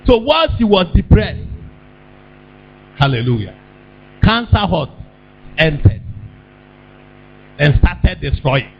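A man preaching a sermon, calling out questions for the congregation to answer and breaking into sudden shouts. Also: high voice, very animated, slow, pauses often. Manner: call-and-response preaching, bursts of shouting. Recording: dull lo-fi with mains hum.

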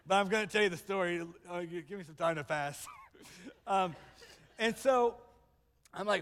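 This sermon comes from a male pastor whose voice sits high and whose pace is moderate; he animates his stories by taking on the voices of the people in them. Recorded in a church sanctuary, it carries long hall reverb.

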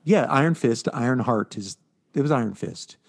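A man co-hosting a casual podcast, talking at an ordinary pitch for a man. He rambles through stories and leans on plenty of fillers as he goes. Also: animated, normal speed, gravelly, slightly rough. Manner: rambling, filler-heavy storytelling. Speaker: podcast co-host reviewing comics. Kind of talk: casual chat.

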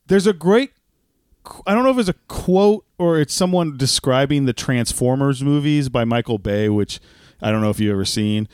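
A man's voice: medium pitch, expressive, moderate pace, darkish tone, clear, resonant tone, dry recording. Rambling male podcast co-host, dry sound. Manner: rambling, self-interrupting storyteller. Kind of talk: casual podcast chat.

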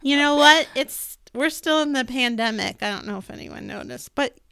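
A woman's voice: sits high, moderate pace, vocal fry, sharp tone, smooth, no echo, studio quality. A woman co-hosting a podcast in casual, upbeat chat, laughing now and then. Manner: chatty, upbeat, laughs often. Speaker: podcast co-host, healer.

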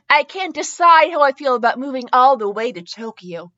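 A woman's voice: high voice, very animated, normal speed, hardly any pauses, bright, forceful tone. A young woman hosting a comedy show, reading a fanfiction aloud with mocking asides and spelling out the misspelled words. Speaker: podcast host. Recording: dull lo-fi podcast audio.

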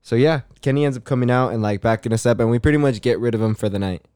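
A man's voice: mid-range voice, fast, dark tone, clear, resonant tone, no echo, studio quality. A man telling a story in casual podcast chat, laid-back and full of slang and swearing. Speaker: podcast co-host.

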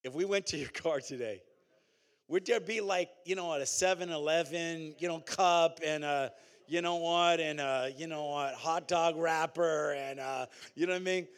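A man preaching a sermon as pastor, in a conversational, animated way with call-and-response and repeated phrases. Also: fairly high pitch, moderate pace, clean tone.

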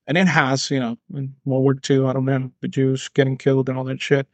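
A man's voice: medium pitch, monotone, fairly quick, hardly any pauses, a little mellow, dry recording. A man in his thirties hosting his own podcast, talking in a casual, profane, rambling way and often slipping into voices for imagined dialogues. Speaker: podcast host. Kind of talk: casual solo commentary.

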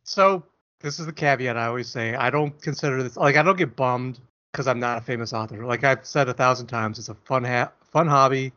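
The man here has a mid-range, bright, forceful voice and talks fairly quickly. As a podcast co-host, he keeps the chat casual, rambling and jokey, often self-deprecating. Sound quality is dull lo-fi.

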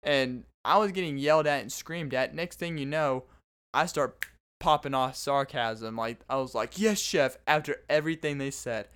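A man's voice: medium pitch, normal speed, fairly bright tone, smooth. A man in his twenties hosting a podcast, telling stories in a rambling, self-interrupting casual monologue. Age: 20s. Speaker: podcast host.

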